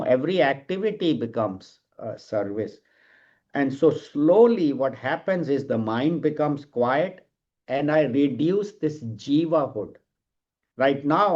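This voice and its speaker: A middle-aged man giving a calm, explanatory scripture class and now and then telling a light joke. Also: medium pitch. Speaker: spiritual teacher. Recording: dull lo-fi sound.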